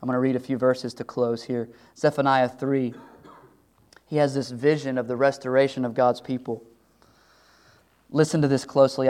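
A man's voice: mid-range voice, darkish tone, clean tone. A man preaching a sermon as pastor, earnest and conversational, with loose restarts.

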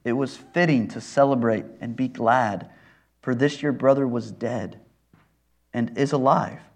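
A man reading the lines of a gentle, pleading father softly and slowly. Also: medium pitch, voice pushed down. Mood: tender. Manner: soft, slow, tender.

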